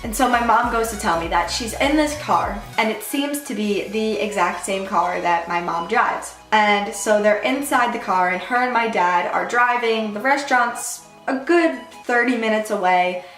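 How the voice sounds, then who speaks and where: A young woman telling a storytime vlog story in an animated way, quoting people in lively voices. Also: medium pitch, normal speed, hardly any pauses, reverberant, soft background music. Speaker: vlogger.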